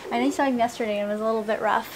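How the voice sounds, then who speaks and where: A woman's voice: on the high side, fairly even intonation, very fast. A young woman vlogging at a horse barn outdoors, chatting in a bubbly, playful way about her horse. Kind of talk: casual horse barn vlog. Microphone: action camera. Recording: noisy outdoor camera audio.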